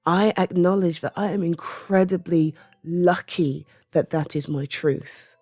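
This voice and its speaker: A British woman in her thirties, an audio creator, giving a soft-spoken personal opinion monologue, halting and often trailing into a whisper. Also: lowish voice, dry recording, clean studio sound. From Britain. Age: 30s.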